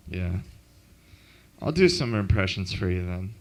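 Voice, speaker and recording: A man doing a deadpan, self-mocking stand-up comedy set at an open mic in a club. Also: deep voice, a little slow, long pauses.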